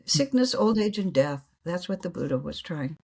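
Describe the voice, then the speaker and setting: Husky-voiced woman telling spiritual stories. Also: on the low side, very animated, moderate pace, a little mellow. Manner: earnest, laughs often, acts out inner dialogue. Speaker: guest. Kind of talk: reflective spiritual storytelling.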